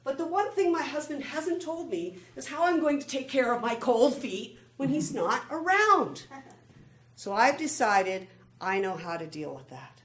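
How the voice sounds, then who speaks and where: A middle-aged woman giving a prepared personal speech, telling her story in a slow, measured way with pauses. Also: high-pitched, expressive, a bit bright. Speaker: club speaker. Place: meeting room. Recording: echoey room, faint background noise.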